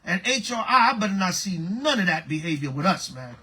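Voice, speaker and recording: A man preaching a lively street-style sermon, calling for responses from the congregation. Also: high-pitched, a little fast, breathy edge. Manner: animated, preaching with call-and-response. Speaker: priest.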